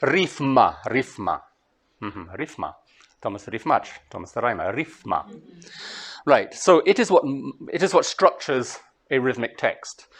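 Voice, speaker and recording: Lively Scottish man lecturing on verse. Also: mid-range voice, normal speed. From Scotland. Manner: lively, musical, hums rhythms aloud. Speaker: translator giving a master class. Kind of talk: lecture to students. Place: lecture hall.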